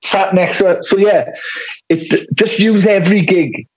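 A man's voice: high voice, unhurried, muffled recording. A man with a Welsh Valleys accent chatting candidly as a podcast guest, rambling through stories and swearing freely. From Wales. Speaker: guest musician. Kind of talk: casual podcast chat.

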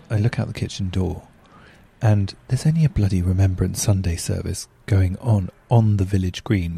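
A man's voice: low-pitched, creaky, warm tone, slightly rough. A man hosting a podcast, telling casual stories with rambling, self-mocking asides and rhetorical questions. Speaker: podcast host. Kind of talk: casual chatty storytelling.

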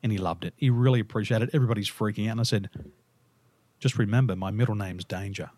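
A man's voice: on the low side, fast talker, dry recording. Laughing Australian man telling stories. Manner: animated, laughs through his own stories. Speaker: guest. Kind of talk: casual storytelling interview.

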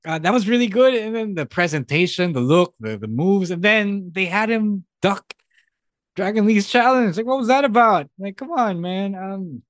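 Man in a lively podcast chat. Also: sits high, normal speed, dry recording. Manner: mixes English and Tagalog, animated and laughing. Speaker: podcast co-host. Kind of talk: casual chat.

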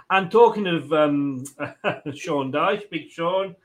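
A man's voice: fairly high pitch, lively intonation, takes it slowly. A man hosting a casual football chat, reading viewer comments, chatty and rambling, laughing often. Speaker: football channel host.

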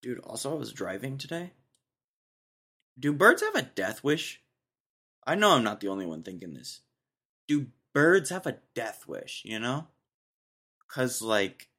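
A man's voice: mid-range voice, fairly bright tone. Young male podcast host, casual rambling solo talk, easygoing. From Texas. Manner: rambling, laid-back, says dude a lot.

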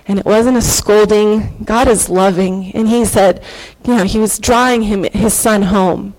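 A woman's voice: medium pitch, fairly even intonation, measured pace, hardly any pauses, a little mellow, poor audio. Earnest woman sharing a faith testimony. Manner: earnest and emotional, with hesitant fillers. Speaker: church testimony speaker. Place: church stage before an audience.

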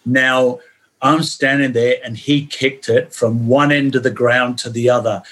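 A man's voice: medium pitch, steady tone, a little slow, fairly bright tone. An older man from England with an English accent, a guest telling chatty stories in a podcast interview. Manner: storytelling, chatty, peppers talk with "yeah".

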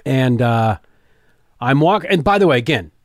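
Lively male storyteller on a podcast. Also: mid-range voice, unhurried, dry recording, clean studio sound. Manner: lively storyteller who acts out voices. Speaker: podcast guest. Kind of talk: animated storytelling in casual chat. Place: garage home studio.

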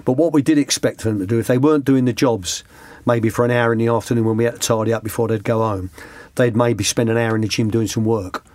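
A man's voice: medium pitch, steady tone, quick pace, hardly any pauses, a little mellow, dry recording. A middle-aged man, a former youth coach telling rambling interview anecdotes with many restarts. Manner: rambling, restarts, slips into quoted voices. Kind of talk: conversational anecdotes.

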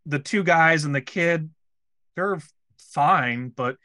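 A man's voice: on the high side, slow pace, pushed and bright, no echo, studio quality. An American man co-hosting a casual movie review podcast, joking and rambling with restarts. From United States. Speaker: podcast co-host.

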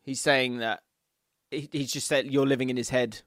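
A man's voice: mid-range voice, fairly even intonation, normal speed, a bit bright, no room sound, studio quality. A man co-hosting a casual football podcast, laughing often as he reads out listener messages and trades banter. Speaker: podcast co-host.

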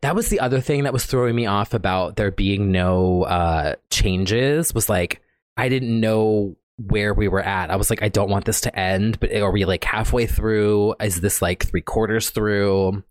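A man co-hosting a podcast in casual chat, giggly and gushing, with quick asides. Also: fairly low pitch, dry recording, clean studio sound. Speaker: podcast co-host.

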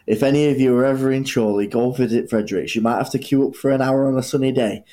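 A man's voice: medium pitch, fairly even intonation, quick pace, dark tone. A man from North West England co-hosting a casual podcast, often hesitating and repeating words as he starts a thought. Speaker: podcast co-host. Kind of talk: casual chat.

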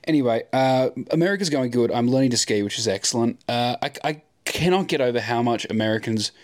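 A man's voice: mid-range voice, brisk. A young Australian man hosting a casual podcast, rambling and sarcastic, swearing freely. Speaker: podcast co-host.

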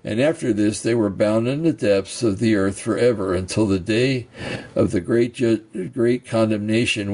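Guy with a lowish voice reading old scripture texts, chatty asides, faint hiss behind. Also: a little mellow. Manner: reads texts slowly then comments casually, clears throat. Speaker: bible teacher.

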